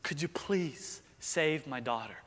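A preacher voicing a desperate father begging, hushed. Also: on the high side, animated, takes it slowly, long reverb tail. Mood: desperate pleading. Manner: pleading, repetitive, hushed. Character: desperate father begging for his dying daughter. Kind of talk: sermon retelling.

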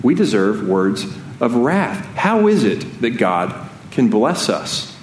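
A man's voice: medium pitch, big pitch swings, slow pace. A man preaching a sermon as pastor, earnest and conversational, often restarting his sentences. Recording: echoey room with faint noise.

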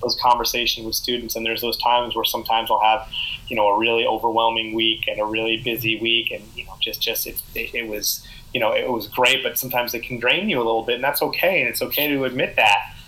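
Bright, flat-toned man. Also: mid-range voice, quick pace, rough recording. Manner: earnest, reflective. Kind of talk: casual conversation.

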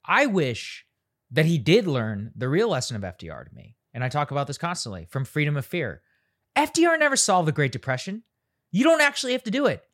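A male co-host who talks politics bluntly and casually, swearing freely as he goes. His pitch moves about in a lively way. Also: a little fast. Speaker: podcast co-host. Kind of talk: conversational political discussion.

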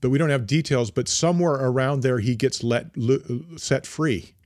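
A man's voice: mid-range voice, moderate pace, darkish tone, dry recording. Dry-voiced man rambling through history. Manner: rambling, many fillers and restarts. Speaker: podcast co-host. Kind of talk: casual history chat.

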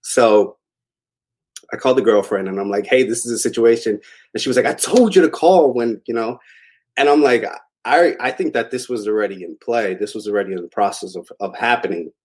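A man's voice: medium pitch, a little fast, darkish tone, breathy edge. A young adult man telling a long personal story in a casual, rambling way, with many fillers. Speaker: interview guest.

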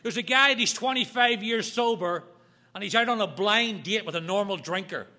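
A man's voice: sits high, normal speed, bright, forceful tone. A man speaking as the main speaker at a recovery meeting, telling his story in an earnest, conversational way. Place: meeting room, also streamed online.

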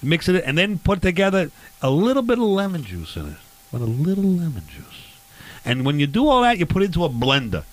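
A man's voice: on the high side, sing-song, quick pace. A man hosting a comedic cooking segment, rambling and playfully confused as he talks about food. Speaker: comedic barbecue host character.

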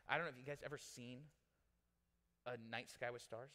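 A male pastor delivers a sermon in a casual, conversational style, joking with the audience and staying animated throughout. His voice sits at medium pitch and moves at a moderate pace. The recording carries long reverb from a large hall.

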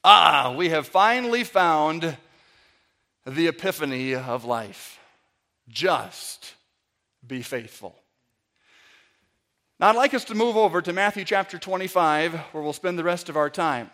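A male preacher delivers a sermon through an extended parable. His voice sits high for a man, and he often stammers and repeats words as he tells the story. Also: animated, normal speed, pushed and bright.

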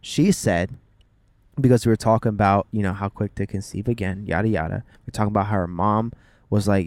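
Male podcast co-host: lower register, dry close mic, playful slangy banter. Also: steady tone, a little fast, a little mellow, no room sound. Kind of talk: casual chat.

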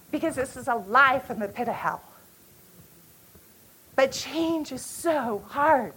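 A woman in her forties teaching at a church retreat, speaking earnestly with halting restarts and an emotional storytelling manner. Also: high voice, animated, a bit bright, a little hiss or hum, poor audio.

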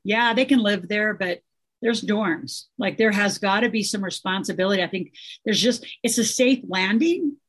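A middle-aged woman speaking as a guest in a casual interview, emphatic and animated, full of fillers. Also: medium pitch, normal speed, breathy edge. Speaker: guest, financial educator.

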